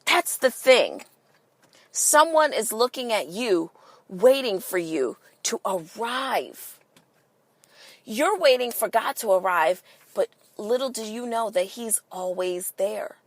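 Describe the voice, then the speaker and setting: A woman's voice: mid-range voice, lively intonation, slow pace, no echo. A woman hosting a podcast in a casual monologue, emphatic and swearing freely, firing rhetorical questions at listeners. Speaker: podcast host.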